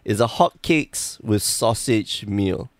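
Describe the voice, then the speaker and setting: A man's voice: on the low side, lively intonation, slow, no room sound. A man hosting a casual podcast, joking and rambling, with a slight lisp from a sore tongue. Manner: joking, rambling, self-deprecating. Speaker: podcast host.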